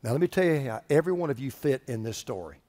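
A man preaching a sermon as pastor, animated, swinging between loud passages and hushed ones. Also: mid-range voice, fast talker. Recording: hall reverb.

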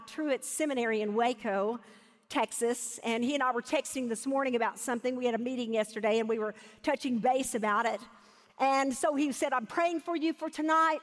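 A woman teaching a sermon with emphasis, slowing down to stress key words. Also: a little high. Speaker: Bible teacher. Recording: long hall reverb.

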